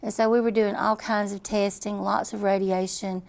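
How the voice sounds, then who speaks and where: Middle-aged woman, gravelly voice, earnest repetitive storyteller, interview guest. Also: medium pitch, level tone, moderate pace, a little mellow. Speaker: guest telling her story.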